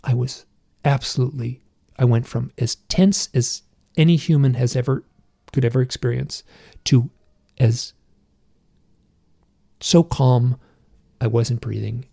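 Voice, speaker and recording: A middle-aged man with a gravelly, husky voice tells his story as a podcast guest. He talks haltingly and intensely, restarting sentences and leaning on filler words. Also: mid-range voice, fairly even intonation, dark tone. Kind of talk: personal storytelling in conversation.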